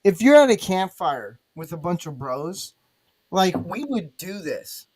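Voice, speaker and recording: High-voiced man hosting crude banter. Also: very animated, a little slow, crowd noise. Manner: crude, teasing banter with loud laughs. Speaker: podcast host. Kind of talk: casual chat.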